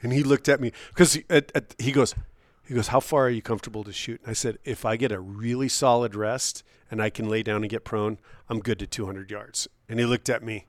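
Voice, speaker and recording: A man co-hosting a podcast, telling a hunting story in a casual, animated way, often laughing as he acts out what people said. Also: medium pitch, brisk, dry recording, studio quality. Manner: animated, laughs often while acting out quoted dialogue. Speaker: podcast co-host.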